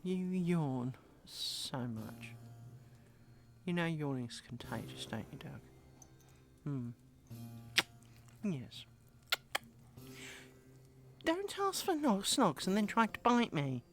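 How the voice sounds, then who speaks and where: Low-voiced woman cooing at dog. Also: big pitch swings, takes it slowly, long pauses, a little hiss or hum. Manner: coos and chats to her dog between remarks. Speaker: live streamer. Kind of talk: casual live stream chat. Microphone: desk microphone.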